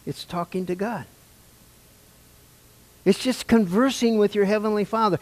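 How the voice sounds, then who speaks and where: In a church sanctuary, an older pastor preaches a sermon, asking his congregation questions conversationally. His voice sits high with a darkish tone, animated at normal speed with long pauses.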